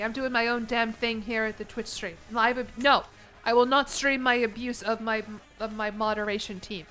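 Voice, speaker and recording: A woman's voice: a little high, fairly even intonation, moderate pace, a bit bright, faint music behind. A young American woman streaming a game, chatting casually with her viewers in a playful, rambling way. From United States. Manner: rambling, playful, laughs between lines.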